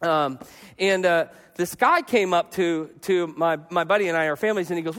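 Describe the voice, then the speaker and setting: A man preaching a sermon as a pastor, telling stories and acting out the voices of the people in them, sometimes loud and sometimes hushed. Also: high-pitched, lively intonation, normal speed, big-room sound. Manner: storytelling with acted-out voices and swings in loudness. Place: church.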